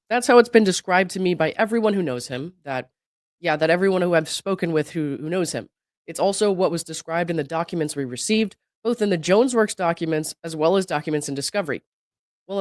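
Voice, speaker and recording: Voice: medium pitch, no echo. A host reading out a legal deposition, voice worn down by illness. Quotes both sides evenly, then cuts in with doubtful remarks. The sound is dry and close, with no room around it. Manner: reads quotes evenly, breaks in with skeptical asides and laughs. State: sick, voice not at its best. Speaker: legal commentary channel host. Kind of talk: reading a deposition transcript aloud with commentary.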